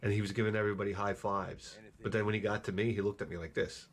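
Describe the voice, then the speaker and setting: A man's voice: on the low side, level tone, fast talker. A middle-aged man chatting casually while streaming a game, rambling and profane, with wisecracks. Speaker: gameplay streamer. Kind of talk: casual chat while gaming.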